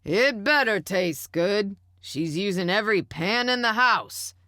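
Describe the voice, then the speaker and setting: A woman voicing a grumpy man who yells complaints from his recliner in an audiobook. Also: high voice, lively intonation, a little slow, dry recording, studio quality, pitched above the performer's own voice, exaggerated voice. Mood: grumbling. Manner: loud, complaining. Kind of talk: audiobook character voice.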